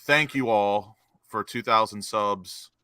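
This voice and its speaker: A man's voice: lowish voice, slow pace, sharp tone, clean tone, no echo. A man from the United States co-hosting a casual chat, upbeat and jokey. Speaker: co-host.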